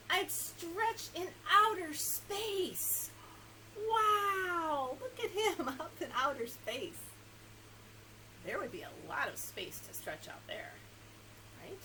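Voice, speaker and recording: A woman's voice: sits high, a little hiss or hum, poor audio. A woman librarian reading a picture book aloud to young children, asking them questions and laughing often. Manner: animated, coaxing questions to young listeners.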